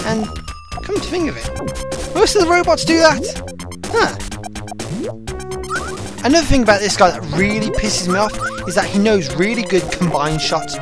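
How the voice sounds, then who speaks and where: A game reviewer giving gameplay commentary, ranting loudly and swearing at the game. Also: medium pitch. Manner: loud profane ranting at the game. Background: game music.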